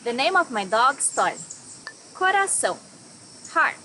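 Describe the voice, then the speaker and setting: A young woman from Brazil teaching a vocabulary lesson, saying each word slowly before giving its meaning. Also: high voice, big pitch swings, sharp tone, slight background noise, poor audio. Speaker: language teacher.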